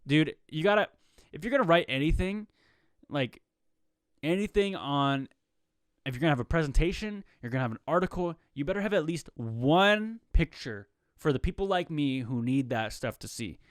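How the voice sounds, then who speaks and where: Laid-back young man with a smooth voice. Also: a little high, animated, moderate pace, no room sound, studio quality. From Pacific Northwest, USA. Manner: laid-back, slangy, joking tangents, says bro and man. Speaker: comedy podcast host. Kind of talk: rambling solo comedy podcast.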